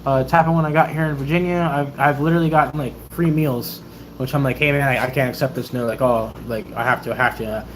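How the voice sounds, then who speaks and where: A young man in his twenties, a Navy sailor and YouTuber, casually telling stories in a livestream Q&A and acting out other people's excited voices. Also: medium pitch, fast, slight background noise. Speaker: YouTuber and Navy sailor answering viewer questions.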